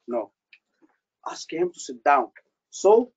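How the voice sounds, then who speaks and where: A man tutoring doctors for an exam, quizzing his class with quick questions and repeating key phrases for emphasis. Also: sits high, sing-song, dull audio. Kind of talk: live teaching session.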